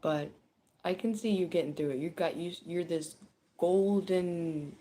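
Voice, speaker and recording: A woman giving a casual tarot reading, chatty and animated, with frequent laughter and swearing. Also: fairly low pitch, a little slow. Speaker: tarot reader. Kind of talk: casual spoken card reading.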